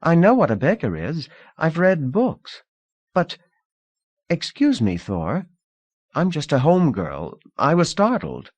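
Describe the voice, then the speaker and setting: A man's voice: fairly high pitch, huge pitch swings, takes it slowly, husky, dry recording, voice pushed up, heavily acted. A man putting on a gracious young hostess. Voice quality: bright, gracious, curious. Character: poised young woman, polite wealthy hostess.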